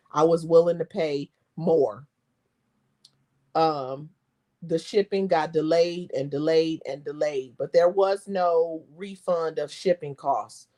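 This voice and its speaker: Chatty woman vlogger, lively storytelling. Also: deep voice. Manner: animated storyteller who mimics people; laughs often. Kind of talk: casual chat.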